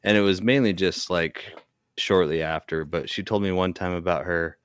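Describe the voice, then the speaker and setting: A young man appears as a podcast guest to tell a ghost story, hesitant and rambling, with many restarts. His low voice is smooth and moves at a moderate pace.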